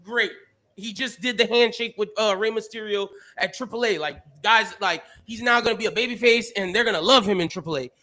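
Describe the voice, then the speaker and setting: A man's voice: high-pitched, brisk, sharp tone. A young man co-hosting a casual podcast, ranting animatedly and swearing a lot. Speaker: podcast co-host.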